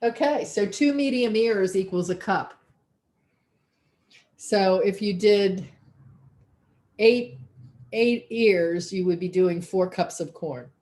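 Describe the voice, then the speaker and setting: A woman's voice: mid-range voice, slow, long pauses, dark tone. A woman teaching a cooking class over a video call, chatty and folksy, thinking aloud as she works. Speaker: cooking instructor.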